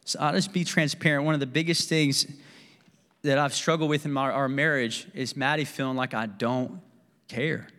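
A man's voice: mid-range voice, fairly even intonation, normal speed, bright, forceful tone, long reverb tail. A man preaching a sermon as pastor, candid and self-deprecating in a conversational way. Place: church sanctuary.

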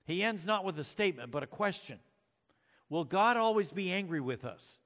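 A man's voice: a little high, very animated, normal speed, a bit bright, long reverb tail. A male pastor preaching a sermon, reading scripture and retelling stories with dramatic emphasis, with occasional fillers. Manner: uses fillers like uh and um.

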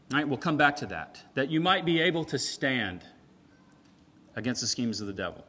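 A man preaching a sermon in a conversational, animated way, swinging from loud emphatic peaks to quiet asides. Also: medium pitch, normal speed. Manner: animated, conversational, with frequent "right?" and "like".

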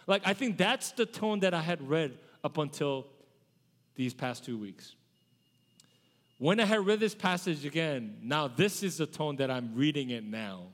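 A man's voice: sits high, expressive, measured pace, long pauses. A man in his forties, a pastor giving a conversational sermon and asking his congregation questions. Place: church sanctuary. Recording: long church hall reverb.

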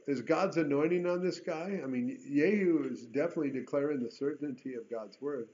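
A man's voice: on the high side, darkish tone. Man teaching Bible verses, chatty asides. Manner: conversational, with chatty asides between read verses. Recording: dull lo-fi recording.

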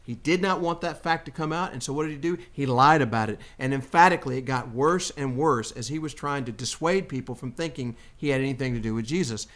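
Man, Bible teacher, conversational, animated voice that jumps up for quotes. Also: fairly quick, few pauses. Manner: animated, acts out quotes with rising pitch. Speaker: Bible study host.

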